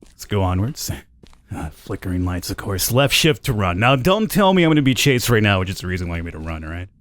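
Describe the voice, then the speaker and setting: A man doing let's play commentary, casual and chatty. He thinks aloud as he plays and reads in-game notes out loud. His voice sits somewhat low. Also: very animated, fast. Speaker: gameplay commentator.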